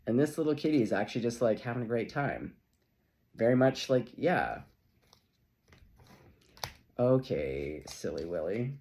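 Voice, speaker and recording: A middle-aged tarot reader walks viewers through a spread in a loose, chatty reading to camera. He's unhurried, with long pauses, and his animated pitch swings widely as he slips into playful asides and little laughs.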